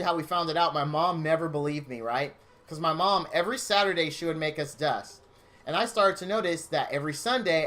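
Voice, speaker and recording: A man's voice: fairly high pitch, sharp tone. A man streaming from his home game room, chatting casually with viewers in a gushing, openly emotional, rambling way.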